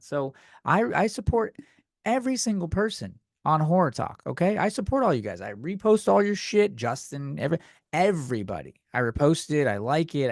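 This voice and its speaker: A man's voice: on the high side, dry recording, clean studio sound. A man hosting a comedy podcast, ranting in an exasperated, profane way. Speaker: podcast host.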